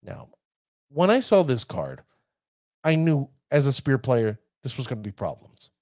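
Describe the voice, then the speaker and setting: A man giving casual commentary on a card game deck, chatty and addressing his viewers as ladies and gentlemen. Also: mid-range voice, big pitch swings, unhurried, no room sound, clean studio sound.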